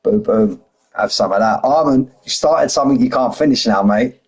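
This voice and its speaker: A middle-aged British man with a husky voice, chatting casually on a sim racing stream and bantering with viewers. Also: mid-range voice, normal speed, low-quality recording. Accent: British English. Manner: chatty, banters with chat, drops h's and says "mate". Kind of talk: casual live-stream chat.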